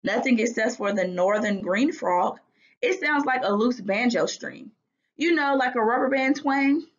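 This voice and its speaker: A woman voicing an excitable young boy obsessed with frogs in a storybook read-aloud, talking eagerly. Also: on the high side, measured pace, lo-fi sound, close to an everyday voice.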